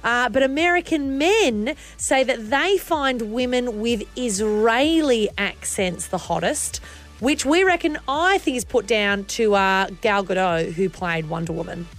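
A woman's voice: a little high, animated, measured pace, soft background music. Chatty Australian woman radio co-host. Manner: chatty, bubbly, reads news items. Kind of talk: morning radio banter. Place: radio studio.

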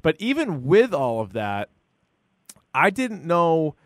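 Animated man chatting on a podcast. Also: slow pace, no echo, studio quality. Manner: animated, acts out quotes in a high voice. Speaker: podcast co-host. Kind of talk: casual chat.

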